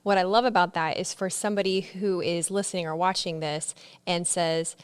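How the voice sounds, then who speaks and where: A woman's voice: lowish voice, steady tone, normal speed, clean tone. A woman hosting a podcast interview, encouraging and conversational. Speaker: podcast host. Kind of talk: casual interview talk.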